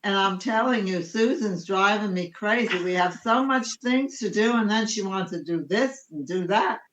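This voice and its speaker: A woman's voice: medium pitch, moderate pace, muffled recording, a little hiss or hum. A woman guest chatting casually, talkative and a little exasperated. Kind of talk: casual chat.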